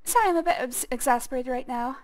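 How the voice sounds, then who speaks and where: A high-voiced woman gives relaxed commentary while she plays a game on stream. She thinks out loud, greets her chat and talks to her cats. Her delivery is loose, chatty and unscripted. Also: fast talker. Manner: chatty, talks to herself, viewers and her pets. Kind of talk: casual gameplay commentary.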